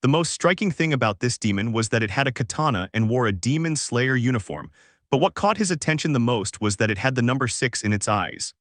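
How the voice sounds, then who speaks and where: A man narrating fan fiction in scripted narration with a flat, even reading voice on a close, dry mic. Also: mid-range voice, a little fast, no room sound. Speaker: fanfic narrator.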